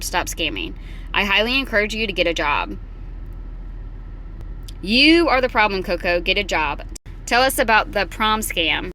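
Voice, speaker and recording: A woman's voice: lowish voice, sharp tone, slight background noise. Blunt, mocking woman vlogger. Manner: blunt, mocking, repeats short jabs. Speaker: commentary vlogger reading live chat. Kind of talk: casual reaction commentary.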